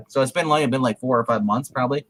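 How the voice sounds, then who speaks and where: A man's voice: mid-range voice, animated, normal speed, fairly bright tone, poor audio. A man co-hosting a casual show, recapping a TV episode in a rambling way with many restarts. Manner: rambling, many restarts, quotes characters with laughs. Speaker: podcast co-host.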